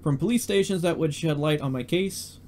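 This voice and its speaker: A man's voice: fairly high pitch, normal speed, a little mellow. A man with a slightly raised voice runs a livestream in an easygoing way. He talks his co-host through fixes step by step and drops fillers as he goes. Faint noise hums in the background. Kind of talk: casual livestream chat.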